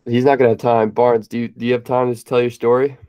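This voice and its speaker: A man's voice: mid-range voice, little pitch movement, quick pace, warm tone, smooth, dry recording, studio quality. A man co-hosting a podcast in casual chat, easygoing as he runs the segments. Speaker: podcast co-host.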